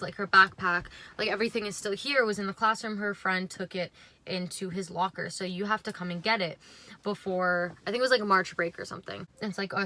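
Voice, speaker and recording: A woman's voice: medium pitch, pushed and bright. A young woman telling a storytime on her vlog, rambling and swearing, with lots of "like" fillers. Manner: rambling, swearing, heavy use of "like". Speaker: vlogger. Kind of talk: casual storytime.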